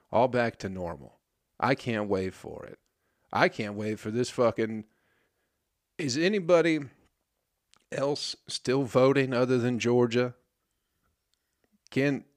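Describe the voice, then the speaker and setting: A man's voice: medium pitch, no room sound, clean studio sound. A man in his thirties, a podcast host, ranting casually in a profane, rambling and sarcastic way. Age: 30s. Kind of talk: casual solo rant.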